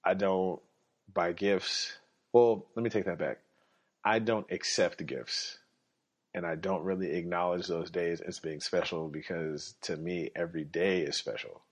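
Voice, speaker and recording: A man's voice: low-pitched, fairly even intonation, a little slow. A young adult man hosting a podcast, talking in a casual monologue. He is blunt, sarcastic and swears freely. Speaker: podcast host. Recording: dull lo-fi recording.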